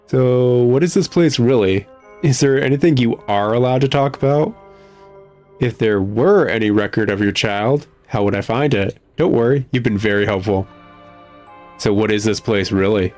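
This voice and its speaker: A man's voice: medium pitch, normal speed, a little mellow, soft background music. A man casually commenting and laughing as he plays through a game, reading its text aloud. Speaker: let's play streamer. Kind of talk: casual let's play commentary.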